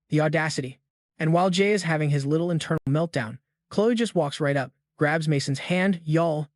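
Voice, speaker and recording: A man's voice: on the high side, no room sound, clean studio sound. A man narrating a story recap in a scripted, slang-heavy style with jokey asides.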